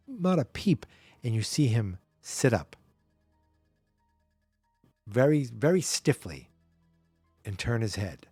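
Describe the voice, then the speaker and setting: Guy podcaster recapping a movie, excited and swearing a bit, warm dark tone, dry sound. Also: mid-range voice, slightly rough, no echo. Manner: animated, swearing, enthusiastic retelling. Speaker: podcast host.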